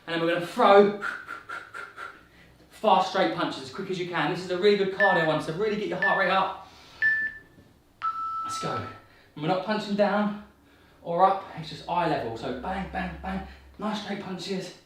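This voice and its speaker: This male coach has a high voice and a moderate pace as he talks people through a workout, encouraging them cheerfully and counting reps, somewhat out of breath. He's far from the mic in a very echoey room, and there's background noise.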